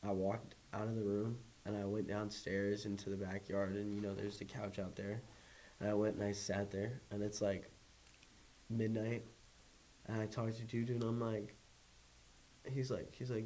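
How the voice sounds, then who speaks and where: A man's voice: on the low side, flat delivery, a little slow, pauses often, warm tone, a little hiss or hum, poor audio. A young man telling a personal story casually, full of fillers. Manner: casual, filler-heavy, lots of "like". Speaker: guest.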